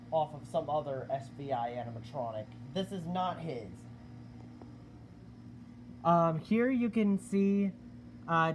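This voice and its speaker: A man giving a casual product review of a collectible animatronic, unhurried and hesitant, with many filler words. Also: a little high, slight background noise.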